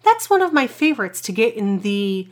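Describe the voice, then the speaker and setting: A woman hosting a radio music show, cheerful and quick to laugh as she announces songs. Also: on the high side, sing-song. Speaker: radio host.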